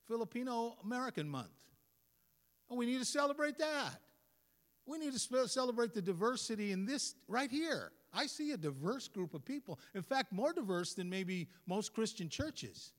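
A man preaching a sermon as a pastor, talking in a conversational, animated way with asides to the congregation. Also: very high voice. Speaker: guest pastor. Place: church sanctuary. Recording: long reverb of a church hall.

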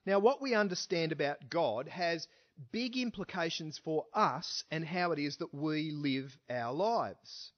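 A man's voice: on the high side, expressive, measured pace. A man preaching a sermon who speaks with emphasis and keeps asking his listeners rhetorical questions. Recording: dull lo-fi recording.

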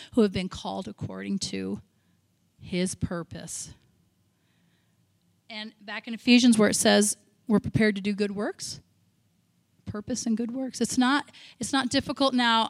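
A middle-aged American woman gives a sermon at a church service, slightly high-pitched, with candid, self-deprecating humor. She acts out her old prayers and worries in quoted asides, and her voice is recorded close and dry. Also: dry recording. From United States. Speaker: missionary speaker.

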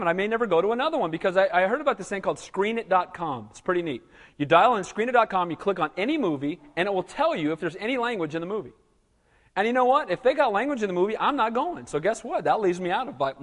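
A male pastor preaching a sermon in a lively, conversational way, often calling out "Amen?" to the congregation. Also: high voice, in a large hall. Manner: animated, conversational preaching with frequent "Amen?" calls.

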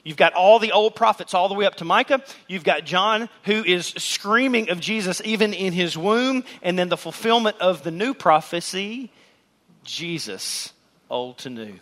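Man preaching, lively and joking. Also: high voice, moderate pace. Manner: conversational preaching with jokes and emphatic repetition. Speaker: pastor. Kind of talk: sermon. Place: church sanctuary with a congregation.

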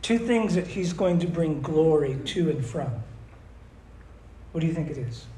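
A man preaching a sermon, emphatic, reading scripture slowly and asking his listeners questions. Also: a little high, animated, dark tone, echoey room, a little hiss or hum, poor audio. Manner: emphatic, asks the audience questions, reads verses slowly.

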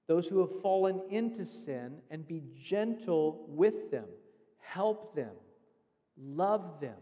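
A man's voice: on the high side, lively intonation, takes it slowly, dark tone. Man preaching in a reverberant hall. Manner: earnest teaching, explaining scripture step by step. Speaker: pastor. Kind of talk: sermon. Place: church sanctuary.

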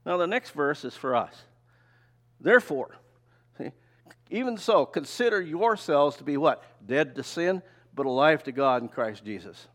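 A man's voice: a little high, lively intonation, unhurried, fairly bright tone. An older man giving a conversational, folksy sermon, often asking rhetorical questions and telling personal stories. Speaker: preacher. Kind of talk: sermon with slides.

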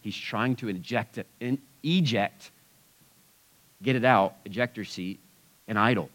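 A man preaching a sermon to a live audience in a relaxed, conversational way, swinging between loud and hushed. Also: lowish voice, unhurried, poor audio.

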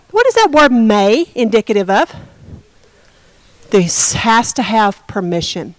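Woman pastor, high voice, sermon, questions to the congregation, dry close sound. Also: big pitch swings, unhurried, pauses often, no echo, poor audio. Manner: conversational preaching, asks the congregation questions.

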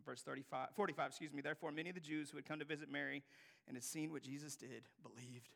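A man preaching a sermon to a congregation, swinging from hushed, near-whispered lines to loud, emphatic passages. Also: on the high side, steady tone, fast talker, creaky. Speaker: pastor. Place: church hall before a congregation.

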